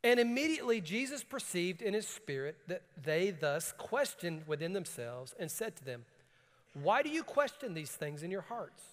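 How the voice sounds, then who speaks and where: A man preaching a sermon, swinging from calm scripture reading to rising, emphatic bursts. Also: sits high, moderate pace. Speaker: pastor. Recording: long hall reverb.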